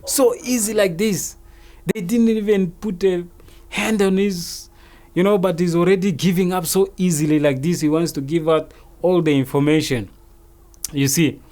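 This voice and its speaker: A man recounting a story as an interview guest in a lively, casual way, often checking that the listener follows. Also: sits high, normal speed.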